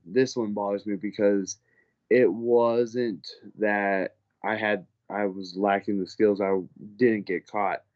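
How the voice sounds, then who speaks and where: Profane storytelling fighter, dull lo-fi audio. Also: male voice, lowish voice, a little mellow. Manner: loose, profane, acts out the people in his stories. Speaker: professional fighter being interviewed. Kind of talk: casual storytelling.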